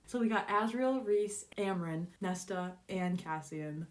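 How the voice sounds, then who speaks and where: A young adult woman reading a fantasy novel aloud and reacting in an excitable, gushing way, breaking into laughter often. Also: medium pitch, a little slow. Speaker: book vlogger.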